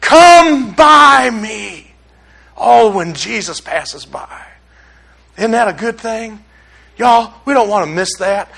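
A male preacher, delivering a sermon with call-and-response, rising to shouts and dropping to a hush. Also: high voice, a little slow, vocal fry, husky.

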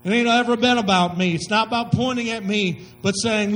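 Pastor guy preaching, really high voice, folksy and punchy. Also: a little fast, hardly any pauses, a bit bright, soft background music, low-quality recording. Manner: folksy storytelling, vivid slang, emphatic. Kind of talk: sermon.

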